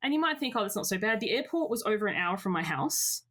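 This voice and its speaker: A woman in her thirties or forties telling frank personal stories as a podcast guest, expressive and lively. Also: mid-range voice, quick pace. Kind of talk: candid personal storytelling.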